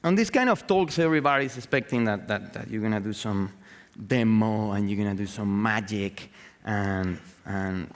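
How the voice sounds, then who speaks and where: Profane, excitable man in a reverberant hall. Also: fairly low pitch, normal speed. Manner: profane, excitable, full of fillers and restarts. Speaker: artist giving a talk. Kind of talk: live conference talk. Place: event hall with audience.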